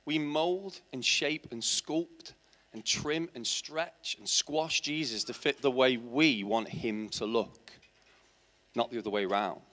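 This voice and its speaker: A man's voice: mid-range voice, slow pace, pushed and bright. Man preaching with rhetorical questions. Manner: emphatic, builds to passionate peaks. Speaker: teacher. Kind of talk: sermon. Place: church.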